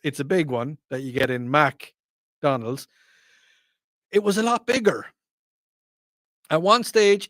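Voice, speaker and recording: Chatty Irish radio host, slightly high voice. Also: male voice, fairly bright tone, dry recording, studio quality. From Ireland. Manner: chatty, self-correcting, laughs often. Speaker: radio talk show host. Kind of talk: casual radio chat reading listener texts.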